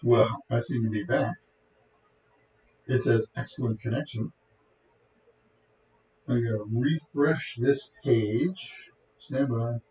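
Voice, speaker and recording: A man's voice: mid-range voice, fairly even intonation, takes it slowly, darkish tone. A middle-aged man with a Texan accent, hosting a tech show in a casual, rambling way full of joking asides. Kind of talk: casual livestream chat. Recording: echoey room.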